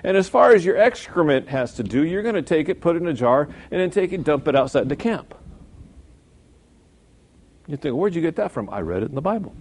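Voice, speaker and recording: A man preaching a sermon in a conversational way, now and then jumping to loud emphasis and acting out quoted voices. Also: fairly high pitch, big pitch swings, fairly quick, a little hiss or hum.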